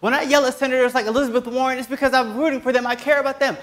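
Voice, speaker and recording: Male host, high pitch, fiery sarcastic solo rant. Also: quick pace, hardly any pauses. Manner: impassioned, sarcastic, breaks into yelling. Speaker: host of a web commentary show. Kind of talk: solo political commentary rant.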